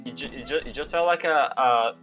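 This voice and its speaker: A man's voice: medium pitch, fairly quick, music in the background. A man co-streaming, talking in a confused, stammering way, with muffled audio.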